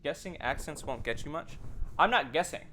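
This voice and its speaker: A man's voice: fairly high pitch, expressive, moderate pace, sharp tone, soft background music. Profane man thinking aloud over a game. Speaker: streamer. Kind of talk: live game commentary.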